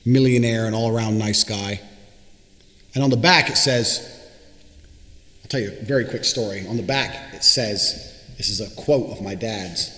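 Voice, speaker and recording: A man's voice: on the low side, a bit bright. A young man giving a brash, boastful monologue to camera, swearing freely as he speaks. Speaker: motivational speaker. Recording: echoey room with long reverb, faint music.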